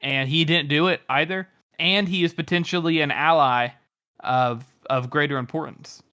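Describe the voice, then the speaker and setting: A man's voice: on the high side, normal speed, pushed and bright. A man co-hosting a podcast, rambling through his opinions on a book chapter with casual swearing. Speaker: podcast co-host.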